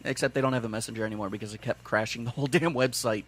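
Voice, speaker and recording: Midwestern male podcast host, blunt and profane, middle-pitched voice. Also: steady tone, very fast. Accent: Midwestern American. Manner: blunt, profane, explains at length. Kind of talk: casual podcast chat.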